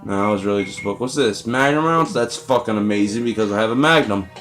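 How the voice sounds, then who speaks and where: A man's voice: on the low side, fast talker, fairly bright tone, faint music behind. A young man giving casual, rambling gameplay commentary, profane and self-deprecating. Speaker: let's play gamer.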